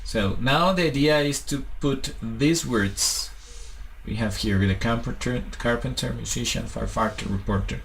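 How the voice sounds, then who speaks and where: A man's voice: mid-range voice, normal speed, vocal fry, low-quality recording. A man, patiently teaching a one-on-one English lesson and switching to to explain.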